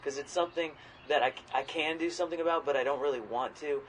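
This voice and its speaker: A man co-hosting a podcast in casual chat, rambling and swearing freely, sometimes jumping into loud quoted voices. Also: a little high, quick pace, slight background noise, low-quality recording. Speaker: podcast co-host.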